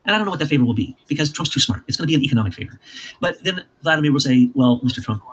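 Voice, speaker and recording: A man with an Ozark accent hosting a casual talk show, insistent and quick, piling up lists. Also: on the high side, expressive, fairly bright tone, a little hiss or hum. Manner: rapid, insistent, piles up lists. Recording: muffled lo-fi recording.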